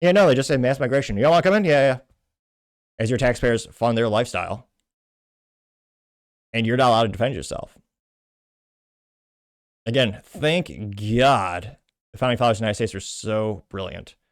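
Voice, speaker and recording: A man's voice: medium pitch, normal speed, pauses often, no echo, studio quality. A man from Texas hosting a political commentary show, delivering blunt, indignant rants with heavy emphasis.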